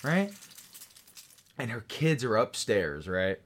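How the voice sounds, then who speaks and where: A man's voice: mid-range voice, sing-song, slow pace. A young man riffing through an improvised comedy bit, rambling and profane, constantly checking in with "right?".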